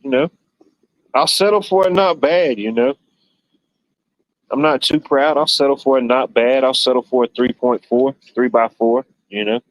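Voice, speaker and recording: A man's voice: medium pitch, steady tone, moderate pace, no room sound, poor audio. A man hosting a livestream in casual chat, rambling and joking, with "you know" sprinkled throughout. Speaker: livestream host.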